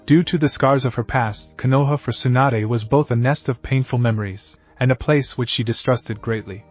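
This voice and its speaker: A man's voice: medium pitch, a little mellow. Man reading a story over faint music. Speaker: narrator. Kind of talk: scripted fan-fiction narration. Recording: dull lo-fi audio. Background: faint background music.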